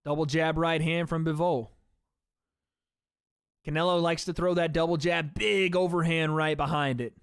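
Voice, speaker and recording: A man's voice: fairly high pitch, steady tone, moderate pace, pauses often, smooth, no echo, clean studio sound. A man hosting a livestream, giving casual play-by-play commentary on a fight and chatting to his viewers as guys. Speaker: livestream host.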